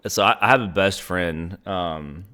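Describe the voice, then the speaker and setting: Brief: young male interviewer, deep voice, loose rambling delivery. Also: unhurried, pushed and bright. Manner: rambling, many fillers and restarts. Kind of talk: casual conversation.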